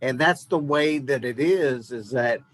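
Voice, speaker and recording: A man's voice: medium pitch, measured pace, dry recording, poor audio. A man hosting an interview, talking in a conversational and encouraging way. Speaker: host. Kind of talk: casual interview.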